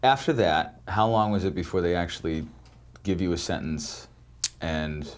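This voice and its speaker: A man's voice: low voice, normal speed. A man hosting a podcast interview, asking short questions and adding brief interjections. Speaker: podcast host. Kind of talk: casual interview.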